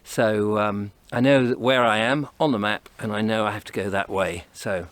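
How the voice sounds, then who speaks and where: Walking outdoors on rural footpaths, this Englishman gives casual, rambling commentary to camera, a touch breathless and chatty as he muses aloud. His voice sits fairly low with fairly even intonation, normal speed and a slightly bright quality, and the sound is dry. He films with a camera on a tripod that he sets up and carries along.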